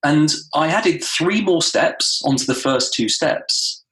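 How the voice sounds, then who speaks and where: Animated man in a roomy echo. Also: takes it slowly. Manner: animated storytelling, acts out quotes with rising pitch. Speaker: guest, time management trainer. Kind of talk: podcast interview.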